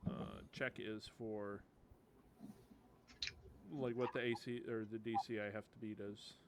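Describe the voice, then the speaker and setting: A man's voice: fairly low pitch, fairly even intonation, unhurried, creaky, very noisy. A man playing a tabletop game, joking about his dice luck and hesitating over rules terms. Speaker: player. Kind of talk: casual tabletop game play.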